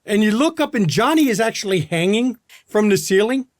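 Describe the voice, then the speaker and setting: Brief: male game master, high-ish voice, relaxed filler-heavy narration, dry sound. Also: brisk, no echo.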